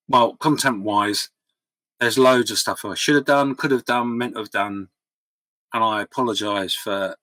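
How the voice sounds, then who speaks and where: A man's voice: fairly low pitch, sharp tone, no room sound, rough recording. A man giving a casual update to his followers as a model-building vlogger, rambling with lots of ums and restarts, candid and apologetic. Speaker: scale-model hobby vlogger. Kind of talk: casual update talk to camera. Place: home hobby room by his model shelf.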